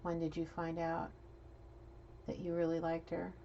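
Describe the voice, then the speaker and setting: A woman's voice: lowish voice, completely flat delivery, a little slow, dark tone, muffled recording, slight background noise. A woman giving a casual channeled tarot reading, chatty and blunt, swearing freely. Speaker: tarot card reader.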